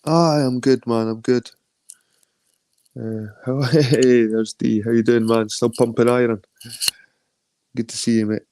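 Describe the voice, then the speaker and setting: Chatting on a phone live stream, this middle-aged man from Scotland speaks with an Edinburgh accent, swears casually, and greets viewers by name. The recording is dry, and his medium-pitched, mellow voice holds a steady tone at a measured pace with frequent pauses.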